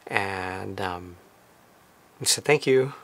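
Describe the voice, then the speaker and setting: Slow, gravelly man telling a story. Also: sits low. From lives in Tokyo. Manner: relaxed, conversational retelling with fillers. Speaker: vlogger. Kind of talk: casual storytelling.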